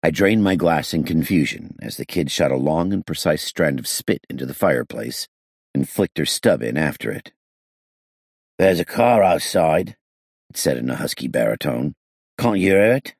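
Brief: male audiobook narrator, very deep, husky, lively delivery. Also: no echo, studio quality. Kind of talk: scripted narration.

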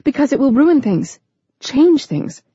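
A woman's voice: high voice, big pitch swings, a little slow, warm tone, no room sound, lo-fi sound, pitched above the performer's own voice. A woman narrator voicing an anxious young woman who speaks in a hesitant, strained way.

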